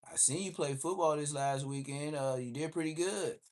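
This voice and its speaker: A man's voice: on the high side, normal speed, pitched above the performer's own voice, natural voice. A man voicing an older male police officer who asks casual, prying questions. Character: older male cop, friendly but prying.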